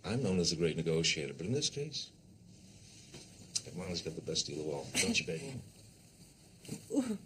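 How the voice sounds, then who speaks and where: A brash, rambling tycoon barks and brags in a low voice, bossing and interrupting everyone around him. His pitch leaps and dives as he boasts. A faint hiss sits behind him. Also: big pitch swings, moderate pace, pauses often, fairly bright tone. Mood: boastful. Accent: New York. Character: boastful tycoon, crude and bossy, man. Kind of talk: satirical comedy film acting.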